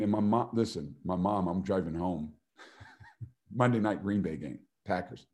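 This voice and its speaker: Middle-aged man, low voice, motivational talk, animated storytelling, acts out quotes. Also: moderate pace. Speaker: former football player and coach.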